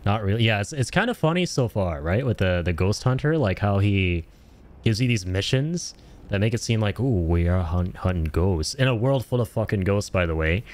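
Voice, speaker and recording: A man's voice: lowish voice, expressive, brisk, a little mellow. A man streaming a video game, joking and swearing in casual commentary and slipping in Hindi phrases. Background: game music.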